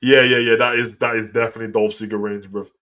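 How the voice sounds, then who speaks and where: A man's voice: fairly low pitch, level tone, quick pace, bright, forceful tone. A man hosting a live wrestling talk show, chatting in a slangy, opinionated way. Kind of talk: casual live reaction chat.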